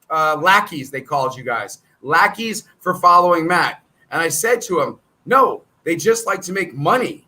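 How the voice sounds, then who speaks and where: Bright, high-pitched salesy man. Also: low-quality recording. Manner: rambling, salesy and combative. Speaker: trading educator hosting his own channel. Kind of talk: casual monologue to viewers.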